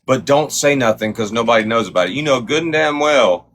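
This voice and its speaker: A man's voice: medium pitch, fairly quick, fairly bright tone, a little hiss or hum. A man hosting a livestream, telling a heated story in a profane, swaggering way. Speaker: livestream host. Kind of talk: heated casual livestream rant.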